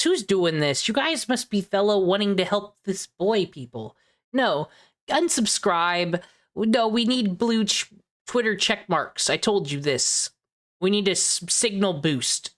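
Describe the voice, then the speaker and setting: A young adult woman streamer reacts to videos with sarcastic, mocking commentary, full of profanity and mock concern. Her voice is medium-pitched and a bit bright.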